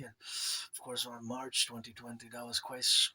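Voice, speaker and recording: Rambling husky-voiced Quebec man. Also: mid-range voice, fairly even intonation, slow, long pauses, pushed and bright. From Canada. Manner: rambling, loose, with repeats and asides like "eh?". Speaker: vlogger. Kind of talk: rambling unedited monologue.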